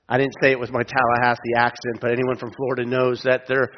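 A man's voice: mid-range voice, completely flat delivery. A man preaching in a reverberant hall. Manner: storytelling with humorous asides, slowing down for emphasis. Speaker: pastor. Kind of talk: sermon. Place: auditorium. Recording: dull lo-fi sound with long hall reverb.

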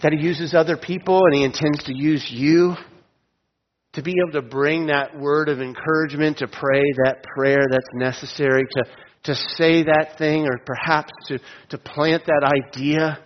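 A man's voice: a little high, fairly even intonation, normal speed. Man, middle-aged, sermon, storytelling, direct questions to listeners, long hall reverb, dull sound. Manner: storytelling, asks listeners direct questions, chuckles at own jokes. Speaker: preacher.

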